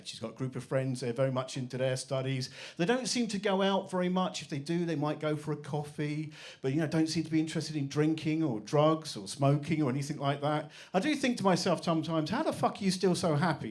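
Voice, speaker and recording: A man in his forties doing a stand-up comedy set on a club stage, swearing freely and acting out his family's lines. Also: on the high side. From England. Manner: swearing, acts out quoted voices of his family.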